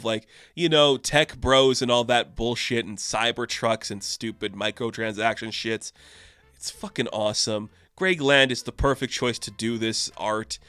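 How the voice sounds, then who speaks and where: A man's voice: mid-range voice, smooth, no echo. A man reviewing a comic book in a casual, sarcastic way, acting out the characters' lines in goofy voices. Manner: animated, sarcastic, acts out quotes in silly voices.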